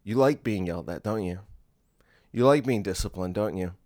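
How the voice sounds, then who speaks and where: Low-voiced mob enforcer, slow and quietly threatening, as a podcaster puts him on. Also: male voice, no echo, studio quality, lightly acted. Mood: taunting. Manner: slow, drawn-out menacing delivery. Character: menacing Italian-American mobster man threatening kneecaps.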